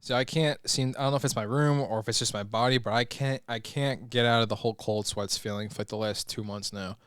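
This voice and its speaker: Young male co-host, quick crude banter, clean close dry recording. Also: mid-range voice, fairly even intonation, fairly bright tone, clear, resonant tone, no room sound. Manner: crude, joking, riffs on his brother's stories. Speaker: podcast co-host. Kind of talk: casual podcast banter.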